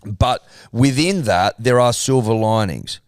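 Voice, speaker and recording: A man's voice: mid-range voice, lively intonation, measured pace, clear, resonant tone, dry recording, clean studio sound. A man co-hosting a sports podcast, laddish, sweary and mock-earnest. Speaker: podcast co-host. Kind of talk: casual chat.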